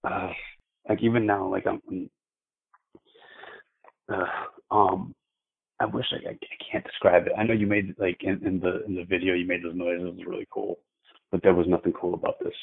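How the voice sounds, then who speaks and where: Caller, male: deep gravelly voice, stumbling and repeating himself as he tells a scary story over a tinny phone line. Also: little pitch movement. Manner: halting, repeats words, many fillers. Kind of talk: telling a frightening personal story.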